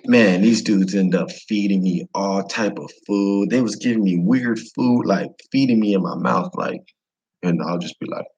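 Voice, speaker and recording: A man's voice: on the low side, normal speed, darkish tone, lo-fi sound. A man from the United States casually telling a travel story, slangy, profane and rambling.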